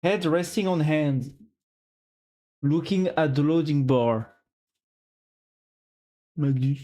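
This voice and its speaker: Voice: mid-range voice, takes it slowly, mellow. A streamer, chatting casually and playfully on a live stream, thinking aloud and joking at their own expense.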